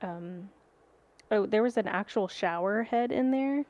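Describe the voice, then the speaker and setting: A woman's voice: mid-range voice, measured pace, darkish tone, muffled recording. A woman co-hosting a podcast, chatting casually with many hesitant ums. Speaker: podcast co-host. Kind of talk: casual chat.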